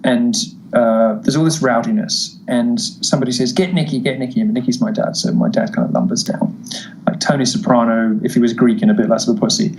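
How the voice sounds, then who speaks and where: A man's voice: medium pitch, animated, fairly quick, gravelly, a little mellow, slight background noise, poor audio. Camp posh British man telling stories. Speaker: guest. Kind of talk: casual chat, storytelling.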